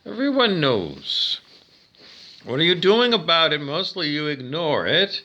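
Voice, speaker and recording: A man's voice: fairly high pitch, very animated, measured pace, pushed and bright, dull audio. A man talking straight to his viewers in a monologue, ranting, swearing and asking questions he answers himself. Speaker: vlogger. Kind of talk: direct-to-camera monologue.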